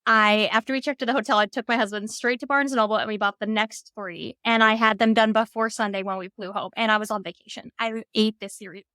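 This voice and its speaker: A woman's voice: a little high, steady tone, fast talker, few pauses, sharp tone, dry recording, clean studio sound. A woman co-hosting a book podcast, telling stories with enthusiasm in casual chat. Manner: storytelling, enthusiastic. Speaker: podcast co-host.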